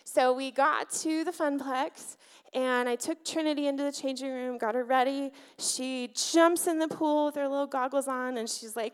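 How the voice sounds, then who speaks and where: A woman's voice: sits high, fairly quick, smooth. A woman in her thirties or forties preaching a sermon before a congregation. She tells a personal story in a candid, conversational way, with filler words. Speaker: church speaker, pastor's wife. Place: church sanctuary before a congregation.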